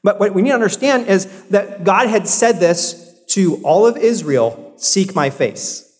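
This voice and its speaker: A man's voice: high-pitched, expressive, normal speed, a little mellow. A man from South Carolina preaching a sermon as a pastor, earnest and conversational, full of rhetorical questions and restarts. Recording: long hall reverb.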